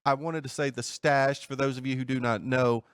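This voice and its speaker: A man hosts a sports betting talk show from a studio, laying out the odds in a steady, methodical way. His voice sits at a medium pitch and is recorded dry and close, with no room sound. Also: fairly quick, clear, resonant tone, no echo. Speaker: host.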